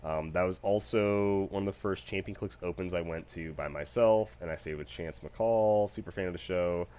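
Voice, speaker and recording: A man hosting his own podcast, telling stories in a casual, animated, jokey way with plenty of fillers. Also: low-pitched, normal speed, clean tone. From United States. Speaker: podcast host. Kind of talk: casual solo podcast storytelling.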